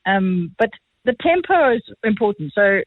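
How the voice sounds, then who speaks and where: A woman with a South African accent, an art auctioneer guest telling lively, chatty anecdotes quickly in a phone interview. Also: medium pitch. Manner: fast-talking, chatty, animated. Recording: tinny phone line, dry.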